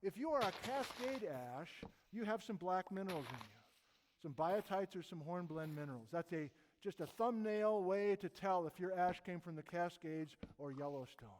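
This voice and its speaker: A man's voice: high-pitched, expressive, moderate pace, in a large hall. A man in his fifties giving an informal geology talk, telling stories enthusiastically with chatty, self-deprecating asides. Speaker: geologist lecturer.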